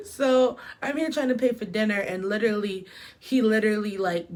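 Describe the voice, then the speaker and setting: A young woman chatting casually through a storytime while doing her makeup, full of "like" and "literally". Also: medium pitch. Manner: chatty, filler-heavy with frequent "like" and "literally". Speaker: beauty vlogger.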